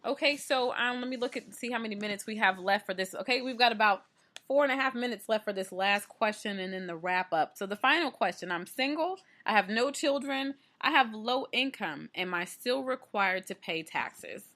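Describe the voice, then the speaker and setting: A woman hosting a casual talk show, animated and affirming, telling stories and reading out listener questions. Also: medium pitch, a little fast. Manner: animated, laughs at her own stories, affirming. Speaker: host. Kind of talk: casual chat.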